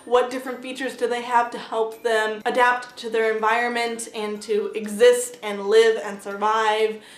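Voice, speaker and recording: Chatty, slightly high-voiced woman in a roomy space. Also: level tone, moderate pace. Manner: chatty, heavy use of "like" fillers; blunt, swears freely. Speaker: book reviewer. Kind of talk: casual vlog book review. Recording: roomy echo.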